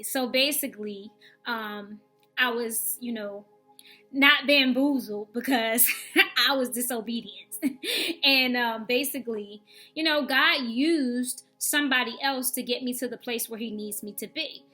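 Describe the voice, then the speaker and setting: Bright-voiced woman sharing faith candidly. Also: fairly high pitch, unhurried, soft background music. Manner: conversational, frank and reflective. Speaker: vlogger sharing faith testimony. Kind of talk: candid personal faith testimony.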